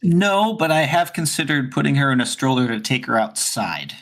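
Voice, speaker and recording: A man's voice: medium pitch, very animated, normal speed, a bit bright. A man co-hosting a podcast, talking casually and rambling with lots of fillers and restarts. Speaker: podcast co-host. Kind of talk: casual chat.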